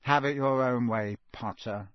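A man voicing a sneering, mocking teenage boy who drawls his lines slowly. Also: medium pitch, fairly bright tone, no echo, studio quality, close to an everyday voice. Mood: drawling sneer.

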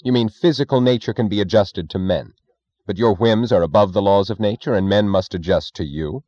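A man voicing a calm, defiant captive thinker in an audiobook, measured and precise. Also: lowish voice, no room sound, lo-fi sound, close to an everyday voice. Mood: coolly mocking. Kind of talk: audiobook character voice.

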